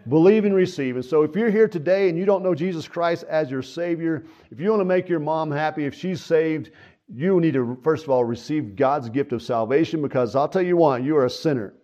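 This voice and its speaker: A man's voice: a little high, brisk, dark tone, highs cut off. Folksy man preaching a sermon. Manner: earnest, folksy, repeats phrases, frequent fillers. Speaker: pastor. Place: church.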